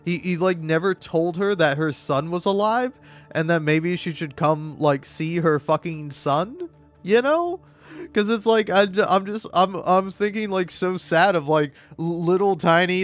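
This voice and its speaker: A man streaming and chatting casually, rambling with lots of profanity and stumbling restarts, breaking into high-pitched rants. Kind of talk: casual chat while gaming.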